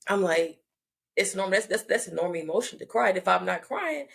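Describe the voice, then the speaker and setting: A woman in her thirties hosting a casual conversation, talking reflectively and haltingly, often restarting her sentences. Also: medium pitch, animated, vocal fry.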